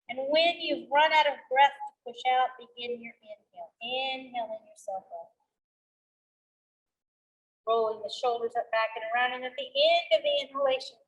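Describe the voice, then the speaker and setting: A middle-aged woman teaching a seated yoga class, calmly cueing each breath and movement. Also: high voice, poor audio. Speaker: yoga instructor. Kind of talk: guided chair yoga class.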